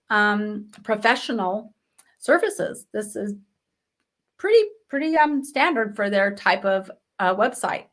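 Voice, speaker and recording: A woman's voice: on the high side, fairly bright tone. A woman hosting a live business show, teaching marketing in a chatty, direct way with rhetorical questions.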